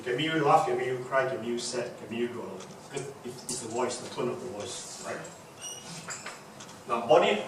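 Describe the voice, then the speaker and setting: A man giving a public speaking workshop lecture, emphatic and demonstrative, repeating key words to drive them home. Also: mid-range voice. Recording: very echoey room, distant mic, background noise.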